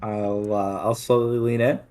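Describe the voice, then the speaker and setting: A man's voice: on the low side, little pitch movement, a little slow, darkish tone, faint music behind. A man playing a character in a tabletop game, hesitant and stammering. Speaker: player. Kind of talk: casual game play.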